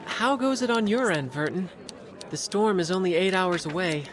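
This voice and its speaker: An actor voicing a calm, curious male researcher who reasons things out aloud. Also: high voice, normal speed. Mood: musing. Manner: thoughtful, analytical. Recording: game audio with loud music.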